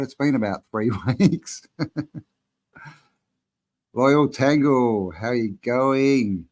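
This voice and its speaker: A man hosting a live-stream Q&A, talking in a relaxed, rambling way and reading out viewers' chat messages. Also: mid-range voice. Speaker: channel host answering live chat.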